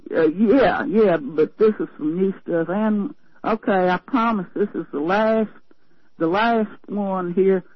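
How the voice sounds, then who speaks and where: A woman's voice: mid-range voice, slow pace, slightly rough, no room sound. Older Southern woman on a dull phone line. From Tennessee. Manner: folksy, meandering, many fillers and restarts. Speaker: radio call-in listener. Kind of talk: rambling phone chat. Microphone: telephone.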